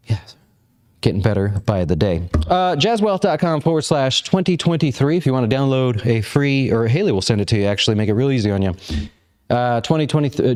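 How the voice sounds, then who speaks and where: A man hosts a daily market show while still out of breath. He chats loosely and jokes around, with plenty of "uh"s between his points. His voice sits at an ordinary middle pitch. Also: a little mellow. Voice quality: chatty, joking, lots of fillers. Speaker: financial advisor hosting a daily market show. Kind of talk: casual chat.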